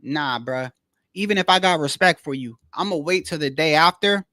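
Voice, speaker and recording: High-voiced slangy man chatting on stream. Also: normal speed, no room sound, clean studio sound. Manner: slangy, rambling, keeps saying "bro"; animated storytelling, repeats himself. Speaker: livestream host. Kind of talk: casual livestream boxing chat.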